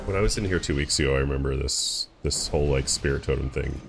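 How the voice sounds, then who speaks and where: A man's voice: rumbling low, fast talker, vocal fry, music in the background. A man streaming a raid in casual voice chat, laid-back, loose and chatty. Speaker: streamer playing a tank in a raid.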